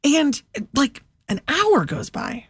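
Animated woman telling a story, dry sound. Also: sits high, slow pace, no room sound. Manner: animated, lots of "like", acts out quotes. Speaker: podcast co-host. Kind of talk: casual storytelling chat.

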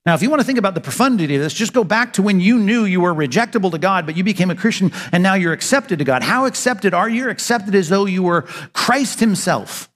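A man with a fairly high voice preaches a sermon, putting questions to his listeners and answering them himself. His voice trails off into the long reverb of a hall. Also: animated, quick pace, few pauses, a bit bright. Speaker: pastor.

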